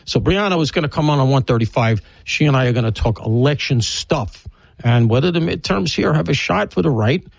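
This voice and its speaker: A man's voice: mid-range voice, animated, fairly quick, creaky, dry recording, poor audio. A man hosting a radio talk show, rambling bluntly through an opinionated monologue and previewing guests. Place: broadcast studio.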